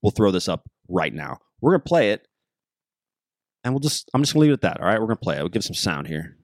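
A man with a very low voice hosts a casual solo podcast, joking and wandering off topic as he goes. His voice sounds close and dry, with no room echo. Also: sing-song, quick pace. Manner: rambling, joking, loses his train of thought. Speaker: podcast host.

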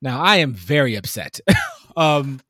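A man telling a long story in casual conversation, animated and acting out the people in it. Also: mid-range voice, unhurried, no room sound, clean studio sound. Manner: animated storytelling, mimics customers. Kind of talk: casual chat.

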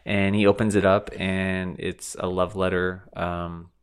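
A man hosting a podcast, recapping a film in relaxed, wry casual chat with lots of fillers. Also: sits low, unhurried, clean tone. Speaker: podcast host.

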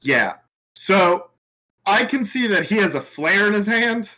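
A man playing a tabletop horror game, excitedly laying out his character's plan and laughing as he talks. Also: sits high, measured pace, poor audio. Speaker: player. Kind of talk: tabletop game play, casual banter.

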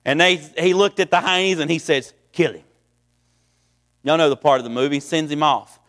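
A folksy preacher delivering a sermon, circling back and restarting his phrases. His voice sits high for a man. The sound carries a long hall echo. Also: brisk, fairly bright tone. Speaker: pastor.

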